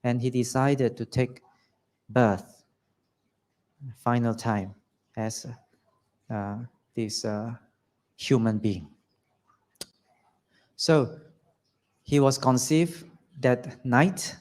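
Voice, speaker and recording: A man from Malaysia giving a Buddhist Dhamma discourse, explaining in a measured way with frequent filler pauses. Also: medium pitch, darkish tone. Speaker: Dhamma speaker.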